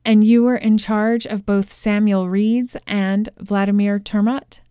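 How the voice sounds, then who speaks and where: A sharp courtroom questioner, as a woman reads her, presses a nervous witness with probing questions. The delivery is slow and smooth. It is close and dry. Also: medium pitch, fairly even intonation, no room sound, natural voice. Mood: pressing.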